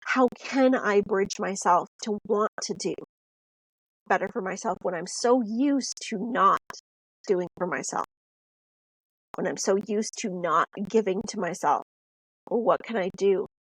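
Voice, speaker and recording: A woman's voice: medium pitch, a little slow, slightly rough, no room sound, poor audio. A woman co-hosting a podcast, giving an earnest, reflective motivational talk. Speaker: podcast co-host, mentor.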